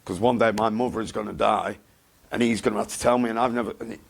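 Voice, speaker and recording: A man speaks in a gravelly, husky voice. He answers bluntly and haltingly and circles back over his own words, like a guest in a candid interview. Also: on the low side, fairly even intonation. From England. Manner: blunt, halting, repeats himself.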